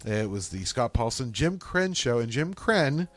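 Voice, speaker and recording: Lively storytelling older man. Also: medium pitch, unhurried. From Pittsburgh, USA. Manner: storytelling, animated. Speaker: podcast co-host. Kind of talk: casual chat.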